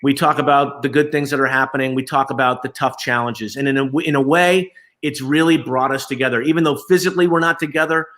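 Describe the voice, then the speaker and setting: A man's voice: mid-range voice, steady tone, fast, a bit bright. A man, an agency chief executive, talking in a live remote interview with lots of fillers and restarts. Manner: conversational, many fillers and restarts.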